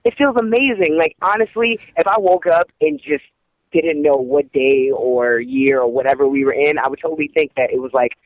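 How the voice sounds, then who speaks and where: A man's voice: a little high, normal speed, dry recording. Upbeat guy from Pittsburgh on a phone line. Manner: upbeat slangy enthusiasm. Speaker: co-host calling in. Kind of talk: casual chat. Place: car on the freeway. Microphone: phone call.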